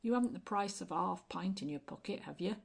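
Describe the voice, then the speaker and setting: A woman's voice: mid-range voice, fast, vocal fry, breathy edge. A woman voicing a shabby, cheeky male tramp in an audiobook, slangy and familiar. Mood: cheeky banter.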